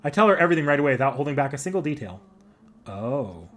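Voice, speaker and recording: A man reads a visual novel aloud, playing the hero in first person. His voice sits slightly high and stays soft and earnest through the narration. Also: rapid-fire. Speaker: anime club member narrating a game.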